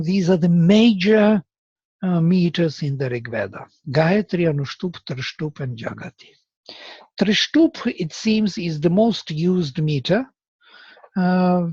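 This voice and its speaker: Male lecturer, unhurried and methodical, slightly raised pitch, dry and dull lo-fi sound. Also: darkish tone, husky, dry recording. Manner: slow and deliberate, tapping out rhythms aloud.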